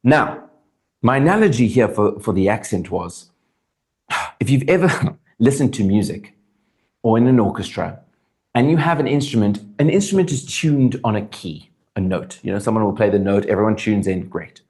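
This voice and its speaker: Speaking at normal speed in a lowish voice, a South African man with a matching accent appears as an actor guest in an interview. He is earnest and animated, and he keeps restarting his thoughts as he works them out aloud.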